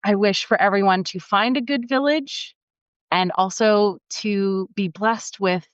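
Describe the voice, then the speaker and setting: A woman's voice: medium pitch, a little slow, dry recording, highs cut off. A middle-aged woman from Canada chatting casually as a podcast guest, laughing often. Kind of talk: casual chat.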